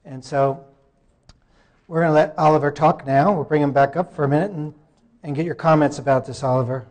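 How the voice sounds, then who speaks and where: A man's voice: fairly high pitch, fairly even intonation, darkish tone. A man giving a live conference presentation, often stopping mid-sentence to sort out his slides. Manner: halting, breaks off mid-sentence to fix tech.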